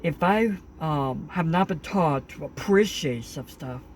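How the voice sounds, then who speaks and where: A man's voice: a little high, lively intonation, a little slow, a little hiss or hum. Earnest rambling young man. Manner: rambling, earnest, many fillers and restarts. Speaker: vlogger. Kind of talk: casual opinion monologue.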